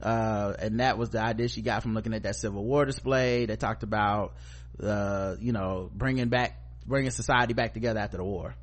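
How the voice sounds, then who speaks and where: A man hosting a podcast, recapping a TV episode in a casual, joking, animated way. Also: on the low side, fairly quick. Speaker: podcast host.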